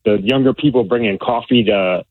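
Guy calling into a radio show, husky voice, dry tinny phone line. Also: medium pitch, a little fast, no echo. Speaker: caller. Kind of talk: casual phone-in chat.

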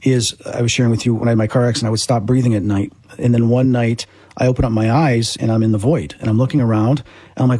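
Husky man telling an animated story. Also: mid-range voice, fast talker, no room sound. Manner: animated storyteller, repeats himself. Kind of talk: casual chat.

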